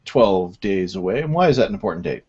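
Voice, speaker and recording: A man's voice: sits low, very animated, quick pace, a little mellow, slightly rough. A man hosting a casual web radio show, rambling and self-deprecating as he runs through the segments. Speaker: host. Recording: dull lo-fi audio.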